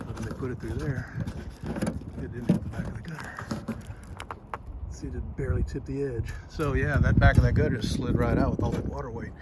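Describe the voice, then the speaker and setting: A man's voice: mid-range voice, steady tone, fairly quick, very noisy. A man giving a casual on-the-job walkthrough of a gutter repair outdoors at a house, explaining plainly with frequent fillers. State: a little out of breath.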